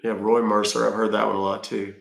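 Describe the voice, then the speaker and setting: A man's voice: on the low side, flat delivery, a little fast, gravelly, reverberant. A man hosting a casual livestream, chatting with his viewers and answering their questions with easygoing fillers. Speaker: livestream host reading chat. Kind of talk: casual chat.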